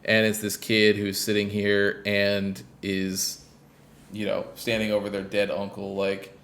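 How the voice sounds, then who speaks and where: A man's voice: fairly low pitch, monotone, a little slow, creaky, fairly bright tone. A man hosting a gaming podcast, casually recapping a game in a rambling way, in a roomy echoey space. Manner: rambling, lots of fillers and restarts. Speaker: podcast host. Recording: roomy echo.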